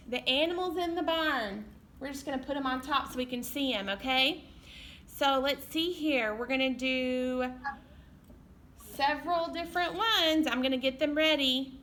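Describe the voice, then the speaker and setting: Librarian, woman, cheery storytime leader for babies; unhurried and very bright. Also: sits high, slight background noise. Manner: cheery, encouraging, sings and makes animal sounds. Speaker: children's librarian leading baby storytime. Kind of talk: sing-along storytime for babies.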